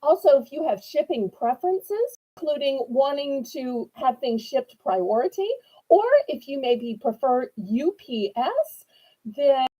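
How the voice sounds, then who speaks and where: Woman hosting a live sale, high, sweet and chatty, mellow tone. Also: low-quality recording. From New Orleans, Louisiana. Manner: sweet, chatty, animated and eager to please. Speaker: live auction seller. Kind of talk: live-stream sales chat.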